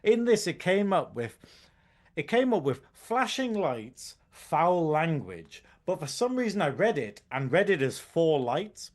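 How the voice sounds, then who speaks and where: A man's voice: high-pitched, very animated, normal speed, a little hiss or hum. A man with a Geordie accent, co-hosting a podcast and ranting with lots of swearing and laughter. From Newcastle, England. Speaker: podcast co-host. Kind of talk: casual chat.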